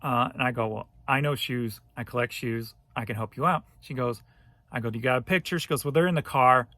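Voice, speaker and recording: A man, a thrift reseller, telling a story straight to camera in a casual, animated way, cursing now and then. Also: medium pitch, fairly quick, no echo. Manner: animated, profane ranting retelling.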